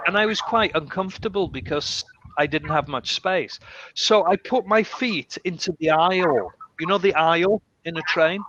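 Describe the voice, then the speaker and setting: A man, an English teacher, telling stories in a casual conversation and acting out the voices in his quotes. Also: sits high. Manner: animated, acts out quotes with shifting voices. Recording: muffled lo-fi sound with faint noise.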